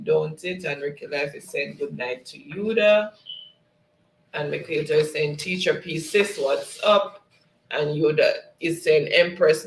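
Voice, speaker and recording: A man's voice: fairly high pitch, creaky, reverberant, slight background noise, poor audio. A man hosting a casual livestream, reading viewers' comments aloud in a friendly way and laughing often. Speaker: livestream host.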